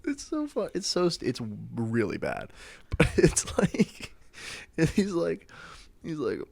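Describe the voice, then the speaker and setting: Young male podcast co-host, gravelly, animated, laughs through his scene retellings. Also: a little high, slow pace, dry recording. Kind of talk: casual chat.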